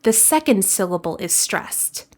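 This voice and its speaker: A woman narrates a scripted English lesson at an unhurried pace. She explains each point carefully and slows down further to model example words, keeping a middle-pitched, even teaching voice. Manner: clear, deliberate explanations with slow example words.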